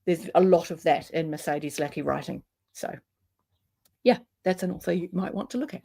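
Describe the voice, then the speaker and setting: A woman hosting a casual chat, chatty and quick to laugh. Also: lowish voice, gravelly, warm tone. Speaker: host.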